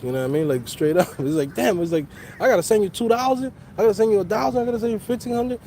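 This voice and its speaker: A man's voice: high-pitched, racing, dark tone, slight background noise. Slangy, swearing New York man outdoors. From Dominican Republic. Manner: loose, slangy, swears a lot, laughs often. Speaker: host of a coding channel livestream. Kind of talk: casual livestream chat. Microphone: phone.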